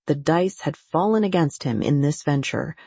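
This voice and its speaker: Brief: classic-novel audiobook narrator, steady formal read, dull close dry recording. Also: medium pitch, normal speed, no room sound. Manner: even, formal storytelling. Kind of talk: scripted narration.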